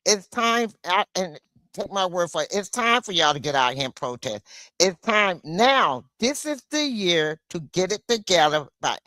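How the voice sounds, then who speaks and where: A woman livestreaming an angry political rant, blunt and swearing, with a slow, deliberate delivery. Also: fairly low pitch, very animated, fairly bright tone, no echo, studio quality.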